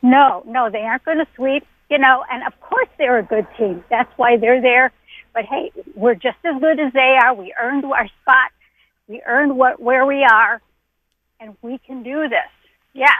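Excitable woman caller, high voice, tinny phone line, dry sound. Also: unhurried, dry recording. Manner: excitable, chatty. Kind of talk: casual call-in chat.

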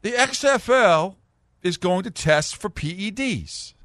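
Brief: lively New England man, sports radio host, bright forceful delivery, dry close sound. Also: high voice, slow, no room sound. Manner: argumentative, animated. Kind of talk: sports talk radio banter.

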